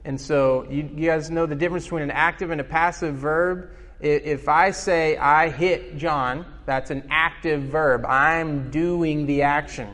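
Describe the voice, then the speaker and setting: A man's voice: a little high, fairly even intonation, normal speed, a bit bright, long reverb tail. A man preaching a sermon as pastor, earnest and explanatory, asking the congregation questions.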